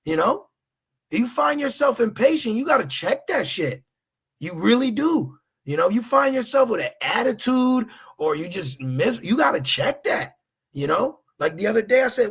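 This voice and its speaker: A man preaching a streetwise sermon, casual and profane, driving points home with a repeated "okay?" and jumping into high acted-out asides. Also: very animated, normal speed, fairly bright tone, breathy edge. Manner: acts out voices in high pitched asides.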